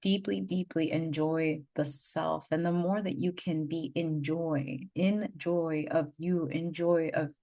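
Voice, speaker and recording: A woman's voice: sits low, steady tone, slow pace, few pauses, warm tone. A woman who works as a spiritual guide, telling an unscripted personal story in an earnest, rambling way, full of "like" and repeated phrases. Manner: earnest, gushing. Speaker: spiritual guide and energy healer.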